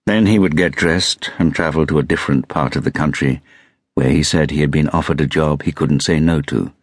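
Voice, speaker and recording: A man reading a thriller audiobook as narrator, measured and steady. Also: a bass voice, dry recording, studio quality. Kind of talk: scripted narration.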